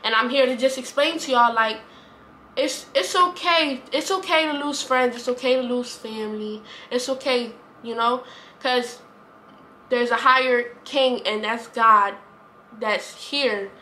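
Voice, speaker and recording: Woman vlogger, earnest rambling talk, bright crisp voice, faint hiss. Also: fairly high pitch, a little slow. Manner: earnest, rambling, repeats herself. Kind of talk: heartfelt casual talk to camera.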